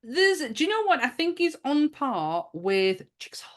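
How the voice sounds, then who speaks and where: Northern english lady hosting a podcast, bouncy expressive voice, jokey and chatty. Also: sits high, measured pace. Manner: playful and chatty, laughs often. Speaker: podcast host. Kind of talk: casual podcast chat.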